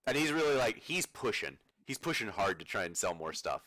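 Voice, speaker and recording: Guy running a d&d game, lively up and down voice, dry close sound. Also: fairly low pitch, a little fast, few pauses, no echo. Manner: relaxed, chuckling, filler-heavy narration. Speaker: game master. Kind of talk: narrating a tabletop game.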